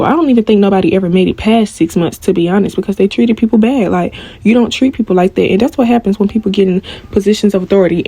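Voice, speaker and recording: A young woman telling a story to viewers while she cooks, animated and full of slang. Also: mid-range voice, vocal fry, no room sound. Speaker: cooking vlogger.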